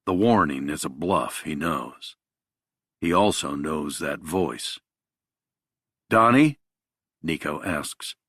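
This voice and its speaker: A man narrating a thriller audiobook in a measured, even storytelling manner. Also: rumbling low, breathy edge, no echo, clean studio sound.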